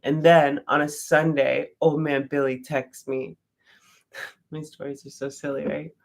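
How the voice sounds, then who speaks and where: A woman's voice: low voice, level tone, measured pace, vocal fry. A woman casually telling a personal story, rambling with lots of "like" fillers and swearing freely. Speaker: vlogger.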